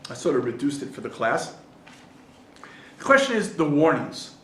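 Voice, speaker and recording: A man's voice: on the high side, moderate pace, reverberant, slight background noise. A man, a rabbi, teaching a Torah class to a group and telling jokes and stories along the way. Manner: animated storyteller, tells jokes and acts out voices. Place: study hall in Jerusalem.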